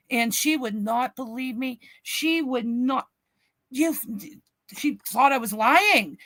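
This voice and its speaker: A middle-aged woman co-hosting a podcast, telling a family story in an animated, swearing way and acting out the quotes. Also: a little high, dry recording. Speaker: podcast co-host. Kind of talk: casual storytelling chat. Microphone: podcast mic, remote stream.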